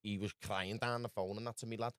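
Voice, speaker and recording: A man's voice: lowish voice, steady tone, brisk, a bit bright, smooth, no room sound, studio quality. A man from Liverpool with a Scouse accent, telling a rambling travel story as a podcast guest and saying "lad" over and over. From Liverpool, England. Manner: rambling, full of "lad" and "do you know what I mean". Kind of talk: casual storytelling.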